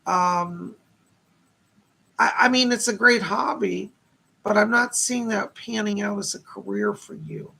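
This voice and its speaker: A man's voice: high voice, measured pace, vocal fry, bright, forceful tone, slightly rough. A man hosting a live stream of psychic readings, chatty and upbeat, reading viewer comments aloud and thanking donors.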